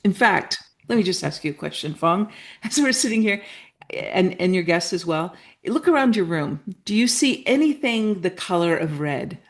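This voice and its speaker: A woman's voice: fairly low pitch, expressive, moderate pace. A middle-aged woman from Canada, a guest telling her story earnestly and acting out the dialogue she quotes. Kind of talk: storytelling interview talk.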